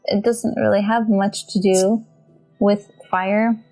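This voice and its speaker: A woman casually teaching tarot, chatty and animated, often giggling and addressing viewers directly. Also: medium pitch, takes it slowly, soft background music. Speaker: tarot reader and channel host.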